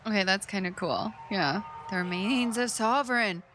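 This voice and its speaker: A woman's voice: medium pitch, moderate pace, a bit bright, soft background music. A woman streamer commenting on a video game as she plays, chatty and emotional, rambling through her thoughts. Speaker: let's play streamer. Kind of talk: casual gameplay commentary.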